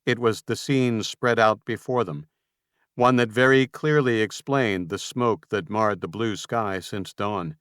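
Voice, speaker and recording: A man narrating a post-apocalyptic audiobook in a measured, even storytelling manner. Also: fairly low pitch, clear, resonant tone, no room sound, studio quality. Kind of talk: scripted narration.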